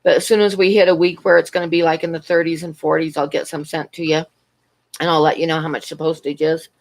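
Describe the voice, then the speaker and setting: A middle-aged woman with a fairly low voice chats casually on a livestream. She wanders through a long personal story and stops to greet viewers and answer their questions. Her talk is loose and full of asides. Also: flat delivery, quick pace. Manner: rambling storytelling, answers chat between stories. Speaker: livestream host.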